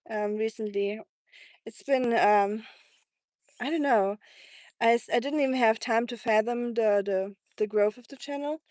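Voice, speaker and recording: The clean, studio-quality audio, free of room sound, captures a German-accented woman from Germany on a live stream. Her voice is a little high as she chats casually on a sunny outdoor walk by the water, laughing often and cooing at her dog.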